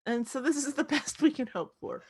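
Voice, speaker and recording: A woman co-hosting a comedic podcast, chatting in an exuberant, jokey way with sudden excited yelps. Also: high-pitched, fairly quick, slightly rough. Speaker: podcast co-host. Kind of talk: comedic casual chat.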